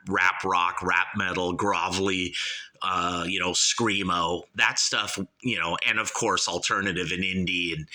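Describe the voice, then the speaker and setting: A man's voice: fairly low pitch, bright, forceful tone. A middle-aged man hosting an album review show in a brash, profane, rambling monologue. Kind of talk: casual ranting monologue.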